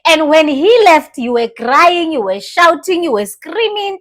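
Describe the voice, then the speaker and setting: A young woman with a South African accent giving animated, casual commentary, switching languages mid-sentence and laughing often. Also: very high-pitched, moderate pace, hardly any pauses. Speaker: commentary vlogger.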